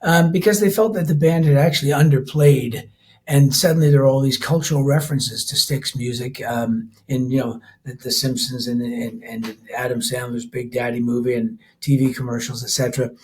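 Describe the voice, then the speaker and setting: A man's voice: mid-range voice, steady tone, moderate pace, a little mellow. Rambling older man, easy laughter. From Canada. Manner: rambling with many restarts, laughs easily. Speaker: rock band vocalist and keyboardist, guest. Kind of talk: casual interview talk.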